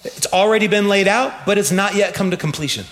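Guy preaching in a sermon, higher voice, bright tone, lively storytelling. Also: fairly quick. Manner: animated storytelling, laughing and shouting at times. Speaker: pastor.

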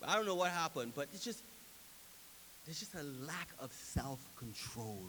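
A man preaching a sermon with a high, bright voice. He swings from hushed reflection to loud, emphatic preaching, and a long hall reverb trails his words. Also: lively intonation, a little slow, slight background noise. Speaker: pastor.

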